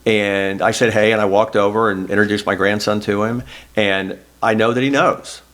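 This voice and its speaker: A man's voice: fairly low pitch, fairly even intonation, moderate pace, a bit bright. A middle-aged man from Oklahoma, a former state senator, telling earnest, self-deprecating stories in an oral history interview. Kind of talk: reflective oral history storytelling.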